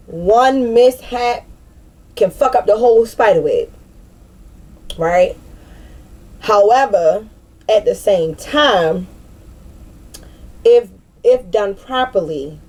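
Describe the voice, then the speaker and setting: A woman gives a casual spiritual card reading, loose, profane and full of slang. Her voice sits a little low and sounds warm and mellow. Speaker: tarot reader.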